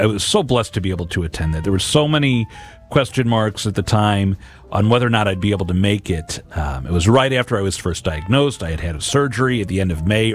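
Earnest man in his forties, low voice, casual gospel reflection with soft music behind. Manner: earnest, conversational, with frequent repeated words.

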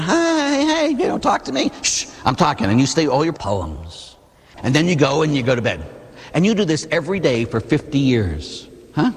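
A man, a Catholic priest, preaching an animated sermon that asks the listeners questions, recorded in a church. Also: medium pitch, slightly rough. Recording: long reverb in a large hall.

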